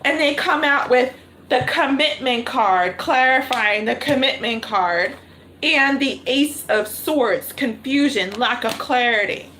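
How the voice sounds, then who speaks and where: Reading tarot cards on a livestream, a woman speaks slowly in a high, sharp-toned voice, thinking aloud and repeating her questions to spirit. The rough recording has slight background noise.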